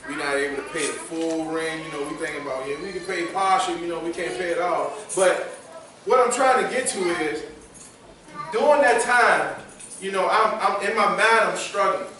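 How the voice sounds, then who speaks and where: A young man giving a testimony sermon, talking casually and repeating phrases, building up to shouted preaching. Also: sits high, normal speed, slight background noise. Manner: conversational, repeats phrases for emphasis. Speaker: youth service speaker. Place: large church hall. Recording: echoey church hall from far off.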